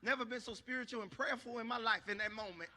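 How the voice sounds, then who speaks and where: A man telling a stand-up story on a church stage, animated, acting out shouts and asking the crowd if they follow. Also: very high voice, quick pace, long reverb tail. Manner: animated, acts out shouts, asks the crowd for agreement. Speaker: stand-up comedian.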